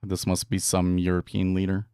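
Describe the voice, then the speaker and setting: A man's voice: low-pitched, completely flat delivery, normal speed, mellow, smooth, no echo, clean studio sound. A man casually chatting and rambling through a live day-trading stream, laughing often.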